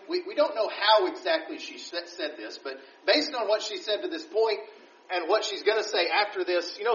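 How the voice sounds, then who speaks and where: A man with a high-sitting, fairly bright voice teaches the Bible verse by verse, reading scripture aloud and then explaining it conversationally. The recording is dull and roomy, captured from a distance.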